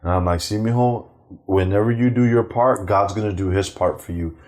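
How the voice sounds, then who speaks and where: A middle-aged male comedian telling profane, animated family stories, acting out the voices of the people in them. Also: on the low side, fairly quick. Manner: animated, acts out quoted voices, swears freely. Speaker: stand-up comedian, guest. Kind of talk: profane anecdotal storytelling.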